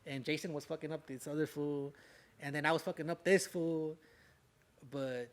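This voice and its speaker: A young rapper from Southern California shares a story on a podcast as a guest, his voice a little high, his tone steady, his pace moderate. He talks in casual, profane street slang, punctuated by the tag words "way" and "fool."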